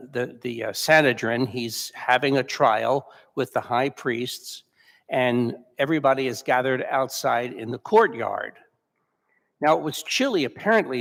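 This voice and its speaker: A male pastor giving a sermon in a church, telling the story in a conversational way and correcting himself as he goes. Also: mid-range voice. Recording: long church reverb.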